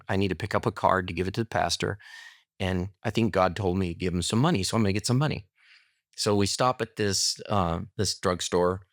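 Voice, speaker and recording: Speaking in a low voice over a dry, clean studio recording, a middle-aged podcast guest shares a story from his own life. He's an animated, casual storyteller who performs the quoted lines.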